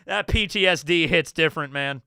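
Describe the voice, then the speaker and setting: A man's voice: fairly high pitch, brisk, vocal fry, pushed and bright, clear, resonant tone, dry recording, clean studio sound. A man streaming live, rambling through casual commentary, swearing and laughing as he goes.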